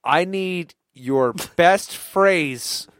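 A drunk man hosting a podcast party game, loud and swearing. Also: high voice, drawn-out words. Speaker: podcast host. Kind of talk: drunk casual banter.

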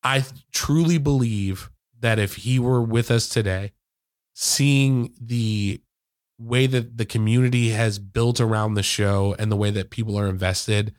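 A man in his thirties speaks on a podcast into a close microphone, his voice sitting low and the sound dry. He rambles warmly through fillers and restarts and sounds near to tears. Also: fairly even intonation, a little slow, no room sound. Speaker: podcast co-host and editor. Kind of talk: casual podcast conversation. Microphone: headphones and studio microphone.

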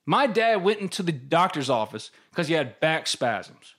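A man's voice: a little high, normal speed. A man, co-hosting a casual sports podcast, talking candidly and acting out his own inner voice. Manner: candid, animated storytelling with quoted inner voices. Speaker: podcast co-host.

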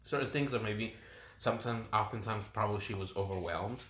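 A young man with a somewhat low voice talks through his thoughts in a slow, reflective way, halting and restarting his sentences. His voice carries the echo of a roomy space around him. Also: a bit bright, slight background noise. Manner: reflective, hesitant, many restarts. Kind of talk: casual conversation. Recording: roomy echoing room.

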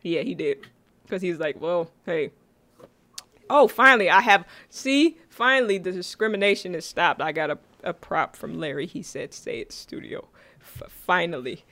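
A woman's voice: fairly low pitch, lively intonation, moderate pace, pushed and bright. A woman co-hosting a casual chat about a sitcom, retelling scenes dramatically and laughing often. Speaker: podcast co-host.

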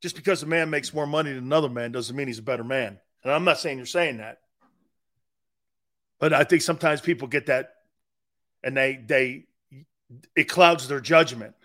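A man's voice: medium pitch, normal speed, pauses often, sharp tone. A man hosting a sports talk show, brash and profane, rambling and talking straight to his listeners, edgy from short sleep. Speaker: sports radio host.

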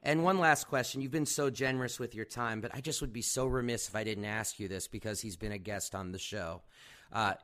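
A man's voice: on the low side, steady tone, fairly quick, fairly bright tone. Man, interview host, friendly, rambling questions. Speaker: podcast host. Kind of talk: casual interview chat.

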